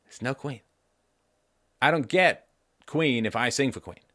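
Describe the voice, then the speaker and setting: A man in his fifties hosting a solo livestream, talking in a lively way and jumping up in pitch for emphasis and mock voices. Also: measured pace, no echo, studio quality. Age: 50s. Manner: rhetorical repeats, asks "right?". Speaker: livestream host. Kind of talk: solo political commentary.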